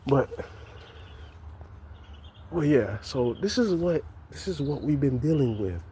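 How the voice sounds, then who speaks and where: Man on camera, impassioned profane rant, darker mellow tone, lots of repeats and restarts. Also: medium pitch, lively intonation, slow pace, a little hiss or hum. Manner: heated, repetitive, stammers and restarts. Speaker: vlogger.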